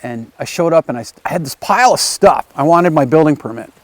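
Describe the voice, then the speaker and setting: A man with a fairly high voice talks fast in a dry recording, teaching a video class from his home area in the countryside. He tells a lively, conversational story and acts out other people's lines as he goes.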